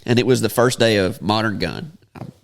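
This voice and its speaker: A man's voice: lowish voice, animated, a little fast, vocal fry, slight background noise. A man hosting a podcast, telling a casual story and laughing often as he talks. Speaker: podcast host.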